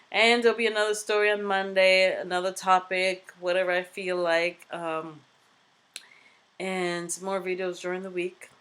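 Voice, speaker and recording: A woman's voice: mid-range voice, normal speed, a bit bright, clean tone. A woman vlogger telling a story in a casual, emphatic way, repeating phrases for stress.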